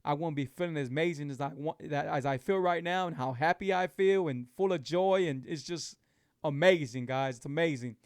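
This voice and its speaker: Brisk and clear, a drawling middle-aged keto show host addresses his live-chat viewers from close to the mic, his unusually high voice resonant. He hammers and repeats points in a preachy, encouraging way. No echo at all; the audio is dry and close.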